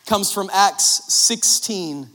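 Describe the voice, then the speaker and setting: A man's voice: high-pitched, slow pace, sharp tone. A man in his thirties preaching a sermon, telling personal stories in a chatty way and often asking "right?". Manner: chatty storytelling with frequent "right?" and "like". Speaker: pastor. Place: church sanctuary. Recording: long hall reverb.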